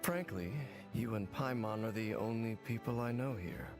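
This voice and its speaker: A man playing a grave, reserved wanderer from a video game. His voice is very deep and measured, with game music clearly behind it. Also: close to an everyday voice.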